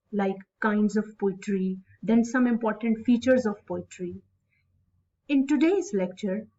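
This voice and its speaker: A woman English instructor with a Pakistani English accent giving a recorded lecture, speaking slowly and stretching words out syllable by syllable. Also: fairly high pitch, warm tone. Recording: distant mic, dull lo-fi sound.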